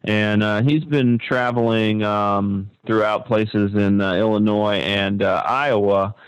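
A man co-hosting a casual talk show, animated and sarcastic, his voice leaping high when he mocks something. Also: slow pace, clear, resonant tone, no echo, rough recording. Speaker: podcast co-host.

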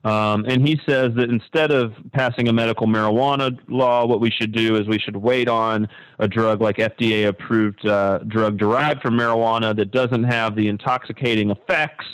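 A man co-hosting a casual talk show, animated and sarcastic, his voice leaping high when he mocks something. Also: moderate pace, clear, resonant tone, dry recording, low-quality recording. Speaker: podcast co-host.

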